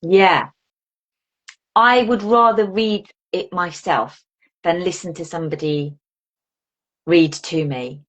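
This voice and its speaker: A woman's voice: lowish voice, slow, pauses often. A woman guest on a podcast, chatting casually and acting out her own reactions as she tells a story. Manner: animated, acts out her own reactions in quotes. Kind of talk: casual chat.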